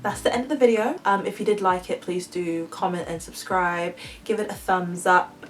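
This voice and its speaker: Animated young woman telling a story. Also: medium pitch, normal speed, soft background music, poor audio. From Denmark. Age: young adult. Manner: animated, laughing storyteller with slang. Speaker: vlogger. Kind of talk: casual storytime.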